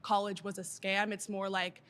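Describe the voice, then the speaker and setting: A woman's voice: medium pitch, level tone, normal speed, fairly bright tone. A woman pushing back in a campus debate with earnest, reasoned points. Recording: echoey hall.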